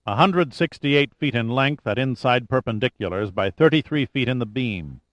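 A man reading an audiobook, voicing a calm, precise male adventurer close to his own voice. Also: mid-range voice, normal speed, dry recording, highs cut off, natural voice.

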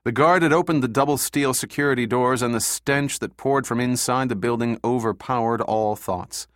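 A man reading an audiobook in a steady, measured narration. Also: medium pitch, no echo, clean studio sound.

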